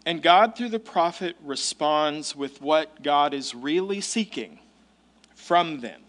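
Expressive and slow-paced, a male pastor delivers his sermon conversationally in a high, slightly bright voice. Key points get stressed with offhand asides.

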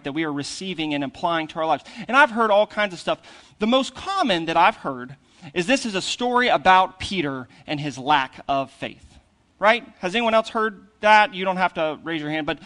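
A male pastor preaching a sermon in a conversational way, often checking in with "right?" and moving between loud, animated points and hushed retelling. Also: a little high. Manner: conversational, asks "right?" after most points.

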